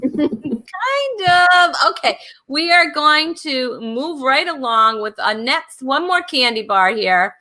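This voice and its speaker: A woman's voice: high voice, very animated, slow pace, pushed and bright. A woman hosting a casual comedy game show, chatty and laughing often.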